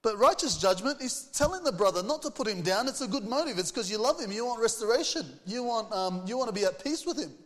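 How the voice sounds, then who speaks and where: A man's voice: very high voice, lively intonation, fast talker, hardly any pauses, fairly bright tone, big-room sound. A man preaching a sermon, reading scripture aloud and putting earnest rhetorical questions to the congregation. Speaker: pastor.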